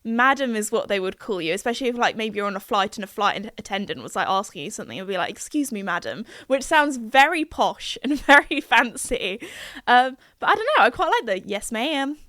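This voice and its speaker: Young english woman chatting away, giggly, lots of likes, higher voice, dry close sound. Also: sing-song, a little fast, sharp tone, no echo. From England. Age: young adult. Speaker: podcast host. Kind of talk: casual chat.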